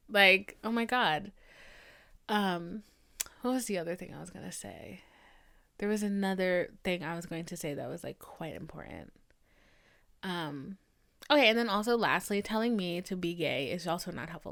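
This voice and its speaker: In her twenties and alone at the podcast mic, this host vents with blunt exasperation, sometimes sinking to a whisper or cursing. She has a lowish, expressive, gravelly voice with a touch of brightness, speaks at normal speed, and pauses often.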